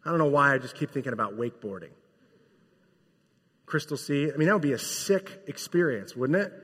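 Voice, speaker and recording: A man preaching a sermon, emphatic and casual, swinging from loud bursts to hushed lines. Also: medium pitch, animated, a little fast, breathy edge. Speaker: pastor. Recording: long hall reverb.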